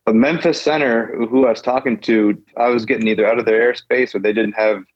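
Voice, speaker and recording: Low-voiced man recounting a flight, muffled. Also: fairly even intonation, a little fast, dry recording. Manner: loose, repeats phrases, laughs as he tells it. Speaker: guest pilot. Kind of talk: casual storytelling.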